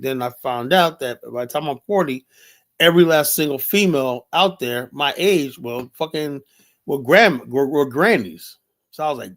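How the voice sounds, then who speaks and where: A man's voice: mid-range voice, lively intonation, normal speed. A middle-aged man hosting a livestream, talking off the cuff in a blunt, heated and profane way, rambling and filling gaps with "you know". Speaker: livestream host. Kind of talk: unscripted livestream commentary.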